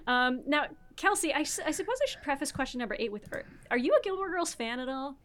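A woman with a high, expressive, slightly bright voice hosts a podcast, speaking at a quick pace. She chats casually about a film, using lots of fillers and the odd swear word.

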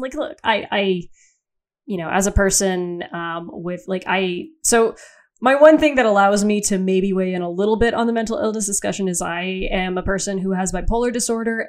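A young woman talking casually on a podcast. She is candid and profane, and she often breaks off and restarts her sentences. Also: mid-range voice. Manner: candid, profane, self-interrupting. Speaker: podcast co-host. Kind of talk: casual chat.

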